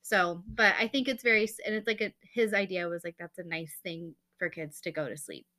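Bright chatty woman co-hosting a podcast. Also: lowish voice, fairly quick. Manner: chatty, rambling, lots of fillers. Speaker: podcast co-host. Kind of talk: casual chat.

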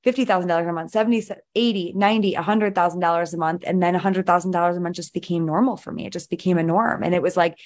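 A woman guest on a mentoring podcast, telling her story with animated emphasis and frequent "like"s. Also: on the low side, fast talker, few pauses. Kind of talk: energetic storytelling in conversation.

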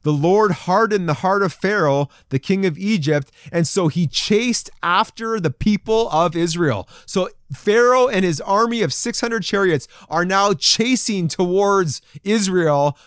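A man preaching a sermon to a men's group, reading scripture and acting out the people's voices with lively emphasis. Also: high-pitched, a little slow, hardly any pauses, no echo, clean studio sound. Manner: animated, acts out crowd voices in quotes. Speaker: pastor. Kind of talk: sermon to men.

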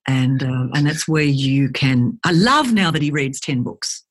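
A woman, a guest speaker chatting in an interview and telling lively stories, acting out the voices of people she quotes. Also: very deep voice, unhurried, husky. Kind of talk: conversational interview.

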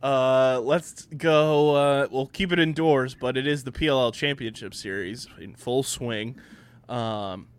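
A man's voice: medium pitch, unhurried, smooth. A young man co-hosting a casual lacrosse picks show, laid-back and joking, swearing now and then. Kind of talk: casual sports chat.

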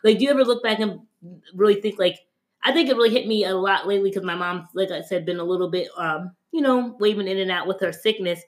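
A woman's voice: mid-range voice, fast. A woman in her thirties co-hosting a casual podcast, enthusiastic and full of fillers. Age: 30s. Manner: enthusiastic, filler-heavy, says like a lot. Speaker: podcast co-host. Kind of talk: casual chat.

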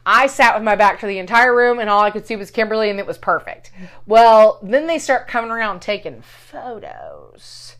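A woman in casual chat, telling a story in a swearing, animated way and acting out what people said. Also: on the high side, fairly quick. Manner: profane, animated storytelling with acted-out quotes.

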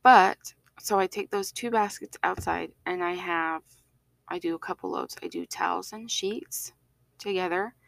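A woman's voice: lowish voice, a little slow, gravelly, fairly bright tone, no room sound. A woman co-hosting a podcast in casual chat, talking with many fillers and frequent laughs. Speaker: podcast co-host.

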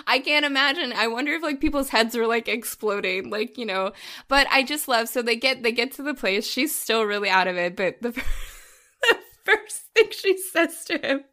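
A woman's voice: a little high, animated, moderate pace, pushed and bright. A woman co-hosting a casual film podcast, gushing and laughing as she retells scenes and acts out quoted lines. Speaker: podcast co-host. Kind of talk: casual chat.

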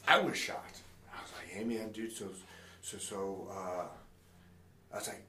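A young man telling his story as a guest in a casual interview, animated and profane, acting out past conversations. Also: low-pitched. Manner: animated, profane, acts out dialogue. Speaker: guest, professional fighter. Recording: roomy echo, distant mic, faint noise.

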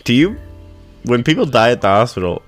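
A man's voice: medium pitch, sing-song, brisk, faint music behind. A young man co-hosting a podcast over a video call, joking around and laughing a lot in casual chat. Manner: goofy, giggly, joking around. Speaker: podcast co-host.

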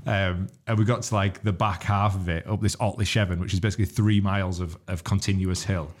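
A young man with a Yorkshire accent co-hosts a podcast, telling a story in casual chat in a deep, steady voice. He speaks rapidly, swears, and laughs as he goes.

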